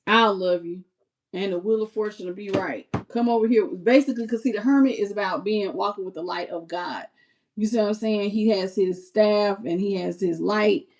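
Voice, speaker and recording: A woman reading tarot on a live stream, chatty and expressive, talking straight to her viewers. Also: mid-range voice, normal speed. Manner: chatty and expressive, talks to viewers as "y'all" and "baby". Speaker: tarot reader.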